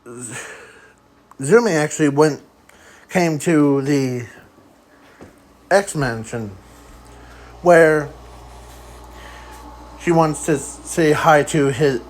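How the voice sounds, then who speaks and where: A man improvising a fan story aloud in a rambling, halting way, often trailing off. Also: a little high, poor audio.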